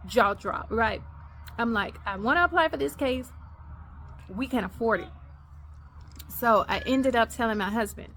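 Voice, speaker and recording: A woman hosting a podcast, telling a personal faith story in an animated way, acting out the dialogue. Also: a little high, slight background noise. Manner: animated, acts out quoted dialogue. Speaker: podcast host.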